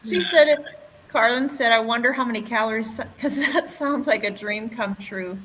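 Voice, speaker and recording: Bubbly, bright-voiced woman on a livestream. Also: fairly high pitch, moderate pace, slight background noise, rough recording. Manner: bubbly, emotional, laughs often. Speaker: livestream co-host. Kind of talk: casual livestream chat.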